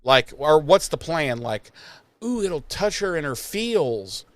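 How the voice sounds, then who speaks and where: A man's voice: on the high side, sing-song, slow pace, no echo. A man hosting a podcast, recapping an episode in a rambling, sarcastic and profane casual chat. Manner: rambling, sarcastic, swears freely. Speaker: podcast host.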